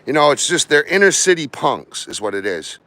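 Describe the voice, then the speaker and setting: A man's voice: fairly high pitch, big pitch swings, fairly quick, bright, forceful tone. A man who works as a carpenter, chatting casually and rambling to viewers while working, with some angry outbursts. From Maine, US.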